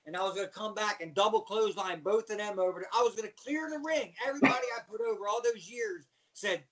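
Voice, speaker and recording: Middle-aged man, high voice, animated profane storyteller, podcast guest. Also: fast talker, hardly any pauses, far from the mic. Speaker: guest, former pro wrestler. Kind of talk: storytelling in casual chat.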